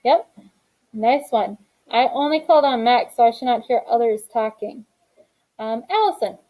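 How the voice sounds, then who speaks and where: A woman's voice: a little high, lively intonation, normal speed, mellow, low-quality recording. A young adult woman teaching a grammar lesson in a classroom, reading each exercise aloud and then explaining the answer.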